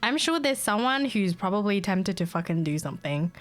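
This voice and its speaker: A young woman streamer vents in an easy, casual chat, blunt and full of swearing. She drops into quick impressions of the people in her story. Her voice sits at a middle pitch with soft music under it. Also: animated. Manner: mimics callers and herself in quoted bits.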